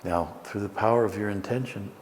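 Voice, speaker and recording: A man with a very low voice leads a guided meditation, slow and soothing. His words trail into a long reverb, with a faint ambient hum behind him. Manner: slow, gentle, soothing guidance. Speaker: meditation teacher.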